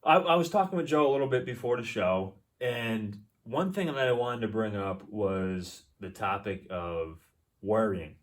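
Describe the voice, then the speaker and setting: A man's voice: fairly low pitch, expressive, a little slow, far from the mic. A young man co-hosting a podcast in an easygoing way, agreeing a lot as he chats. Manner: easygoing, lots of agreeing fillers. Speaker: podcast co-host. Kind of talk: casual chat.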